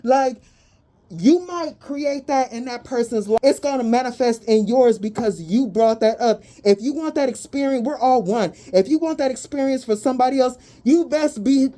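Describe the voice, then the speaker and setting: Blunt, mellow-voiced woman reading tarot. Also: fairly high pitch. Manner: blunt, profane, animated. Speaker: tarot reader. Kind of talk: casual spoken tarot reading.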